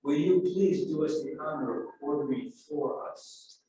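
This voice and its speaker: An older man telling an animated anecdote at an alumni event, acting out the people he quotes. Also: a little high, moderate pace. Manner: animated, acts out quoted voices and sound effects. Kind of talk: anecdotal storytelling. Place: event room. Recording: echoey room from far off, faint noise.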